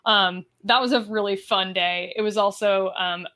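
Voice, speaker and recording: A woman's voice: medium pitch, fairly even intonation, moderate pace, pushed and bright. A young woman talking as a podcast guest in casual chat, full of likes and ums. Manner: chatty, filler-heavy with frequent likes and ums.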